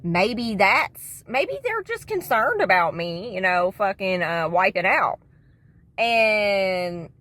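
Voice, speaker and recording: A woman's voice: medium pitch, a bit bright. A woman vlogger rambling casually to camera, slangy and profane, calling the viewer "dude".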